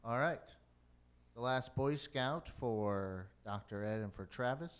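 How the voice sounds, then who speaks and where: A man's voice: mid-range voice, expressive, takes it slowly, clear, resonant tone. A male podcast host who runs a movie-rating game, announcing scores with wry asides. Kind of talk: casual chat.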